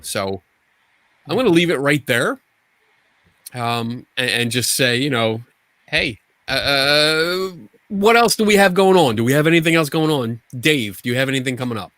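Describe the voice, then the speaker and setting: A man's voice: mid-range voice, animated, moderate pace, fairly bright tone, no room sound. Casual podcast co-host, a man who rambles and restarts his sentences, recorded dry and close. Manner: rambling, frequent restarts and profanity.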